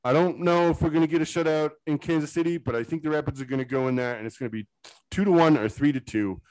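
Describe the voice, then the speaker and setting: A man talks in a casual sports podcast, excitable and rambling as he drifts between tangents. His voice sits a little high for a man. The recording is dry and close, with no room sound. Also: fast talker, no echo, rough recording. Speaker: podcast co-host.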